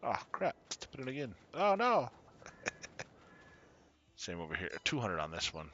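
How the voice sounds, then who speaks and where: A man chats his way through a farming game stream, a low-set voice that swings lively and bright. He laughs easily and greets viewers as they drop in. The mic sound is a little dull and lo-fi. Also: unhurried, slight background noise. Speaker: gaming streamer. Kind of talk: casual gameplay commentary.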